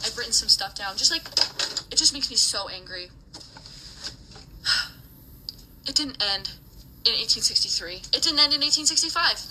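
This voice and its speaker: A woman's voice: mid-range voice, bright, forceful tone, slight background noise, rough recording. A woman giving an angry, emotional rant to camera, swearing often as she talks.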